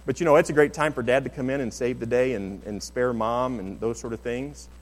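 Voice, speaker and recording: A man's voice: mid-range voice, fairly even intonation, fairly quick. A middle-aged man preaching a sermon as pastor, in an earnest, conversational way with many restarts. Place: church sanctuary. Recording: long hall reverb.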